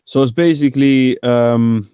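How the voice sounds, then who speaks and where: A man's voice: medium pitch, a little slow, dark tone, smooth, no room sound. A man, chatting casually on a stream, rambling and reading comments and look-ups aloud. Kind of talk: casual chat. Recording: dull, lo-fi dry sound.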